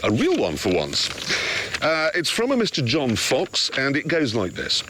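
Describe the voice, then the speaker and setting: Man, TV motoring presenter, sardonic, mock-outraged, wildly swooping pitch, faint background hiss. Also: wildly swooping pitch, moderate pace, bright, forceful tone. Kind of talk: scripted TV presenting.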